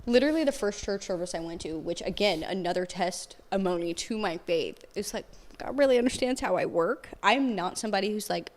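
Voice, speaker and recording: Animated young woman telling a story. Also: medium pitch, fairly quick. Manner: animated storytelling, heavy use of "like". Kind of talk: casual conversation.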